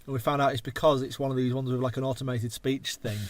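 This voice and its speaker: Man, English accent, thirties, rambling podcast host, swears a lot, middle pitch. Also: level tone, fast talker, slight background noise. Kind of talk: casual chat.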